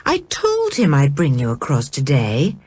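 Lady voicing a fussy fretful storybook mum, slow and breathy. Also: sits low, wildly swooping pitch, a little mellow, pitched below the performer's own voice, full character voice. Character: fretful middle-aged mother.

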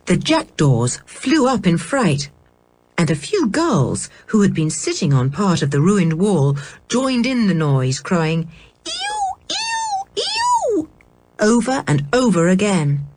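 A woman reading a children's storybook aloud in a measured, expressive way. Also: lowish voice, slight background noise. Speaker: audiobook reader. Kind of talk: storybook narration.

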